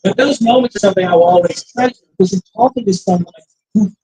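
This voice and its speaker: A man giving a political rally speech at a restaurant campaign stop, telling anecdotes in an animated way and acting out the voices he quotes. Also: high-pitched, fast, slightly rough, rough recording. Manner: animated storyteller who acts out the quoted voices.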